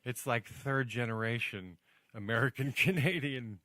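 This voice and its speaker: A man's voice: medium pitch, normal speed, pushed and bright, no room sound, studio quality. A man hosting a podcast in casual banter, joking and rambling with playful asides. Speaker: podcast host.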